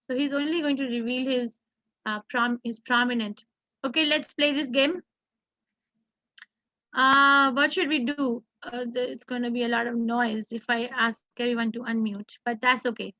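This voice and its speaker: A woman with an Indian English accent leads an online scripture class, reading verses slowly and quizzing students in quick questions. Her voice sits high and sounds bright. The audio is dry and a little dull, like a video call. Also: fairly even intonation, no echo. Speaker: Gita class teacher.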